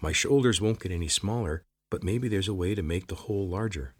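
A man's voice: deep voice, fairly quick, husky. A man voicing a determined young male explorer trapped in a cave, speaking plainly. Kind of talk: audiobook character voice.

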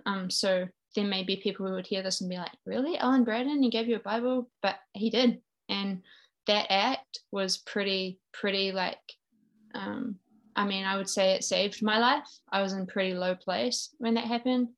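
A woman's voice: medium pitch, little pitch movement, normal speed, a bit bright. Earnest New Zealand woman telling her story. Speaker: guest. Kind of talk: personal faith testimony in conversation.

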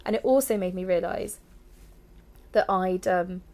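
A young woman with a lowish, somewhat mellow voice, speaking a little slowly, frankly tells a personal story as an interview guest. She uses "like" heavily and laughs here and there as she talks.

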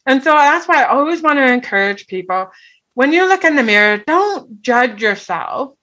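A woman's voice: sits high, expressive, normal speed, sharp tone, muffled recording. A middle-aged woman telling a personal story in an earnest way, often checking in with "right?". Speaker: guest.

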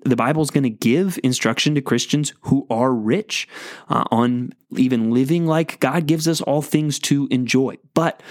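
A man delivers a sermon in an earnest, exhorting manner, often restarting his sentences as he pushes his point. His voice sits at an ordinary middle pitch. The sound is dry and close, with no room echo. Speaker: pastor.

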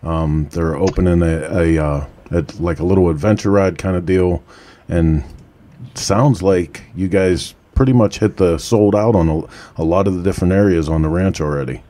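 A man's voice: low voice, moderate pace, dark tone. A man hosting a live online show, chatting casually and laughing easily with a guest and co-hosts. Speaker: show host. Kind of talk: casual live-stream chat.

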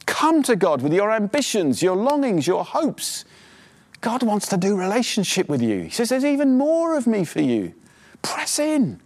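A man preaching a sermon as pastor, exhorting his listeners fervently, his voice climbing in pitch as he urges them on. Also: wildly swooping pitch. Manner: quieter, halting prayer. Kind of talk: sermon with closing prayer.

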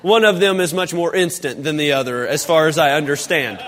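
A pastor delivers a relaxed, chatty sermon, wandering into folksy asides and restarts. His voice sits high for a man. The church sanctuary leaves a long reverberant tail on every phrase. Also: a little fast. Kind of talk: casual sermon.

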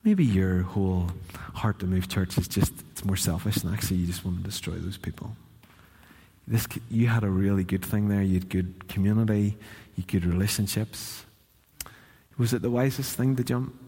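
A man voicing the enemy as a sly tempter, low and coaxing. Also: steady tone, normal speed, mellow, husky, long reverb tail, rough recording. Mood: insinuating.

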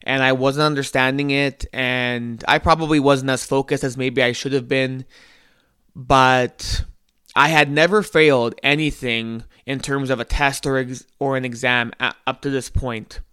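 A man's voice: mid-range voice, steady tone, unhurried, bright, forceful tone, clear, resonant tone, no echo, clean studio sound. A young man hosting a podcast, telling a personal story in an earnest, reflective way with small restarts. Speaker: podcast host.

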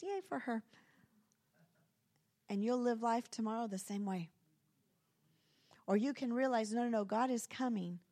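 Woman preaching in a high voice. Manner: expressive, conversational preaching. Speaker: guest preacher. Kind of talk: sermon.

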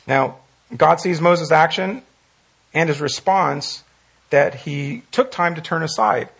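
A man's voice: a little high, takes it slowly, gravelly, fairly bright tone, husky. A man teaching a Bible study, earnest, repeating phrases for emphasis and reading scripture aloud. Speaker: pastor leading Bible study.

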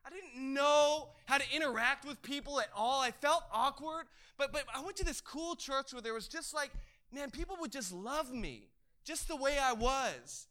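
A male pastor delivers a lively sermon in a strikingly high voice. His tone is bright and forceful. He trips over restarts in his excitement and often surges into shouting. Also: normal speed. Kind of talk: energetic sermon.

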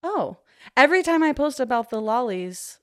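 A young woman from Utah, a guest influencer, chatting excitably and playfully with lots of laughter on a studio microphone. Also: high-pitched, normal speed, clean tone, dry recording. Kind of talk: casual chat. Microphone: studio microphone with headphones.

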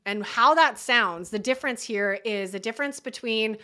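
A woman talks through a solo coaching podcast in a bright, forceful voice pitched a little high. She speaks earnestly and encouragingly, often checking in with the listener. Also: moderate pace. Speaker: podcast host.

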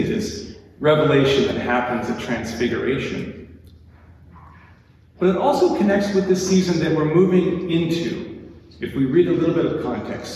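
A man's voice: a little high, darkish tone, slight background noise. A man giving a conversational sermon as pastor, acting out what people in the story say. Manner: conversational, acts out quoted speech. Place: church sanctuary. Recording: echoey church from far off.

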